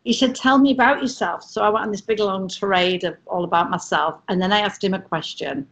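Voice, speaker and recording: A woman's voice: mid-range voice, brisk. A middle-aged English woman, a former cruise ship entertainer, telling chatty, self-mocking stories on a video call. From England. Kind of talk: casual storytelling on a video call.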